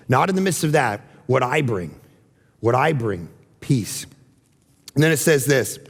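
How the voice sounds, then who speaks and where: A man preaching a sermon as pastor, animated, moving from shouts down to hushed, near-whispered lines. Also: on the high side, gravelly, long reverb tail. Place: church hall.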